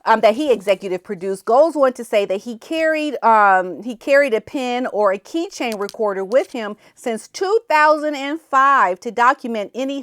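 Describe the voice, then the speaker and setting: A woman hosting a casual commentary show, animated, often laughing and acting out the people she quotes. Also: a little high, no echo, clean studio sound. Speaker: commentary channel host.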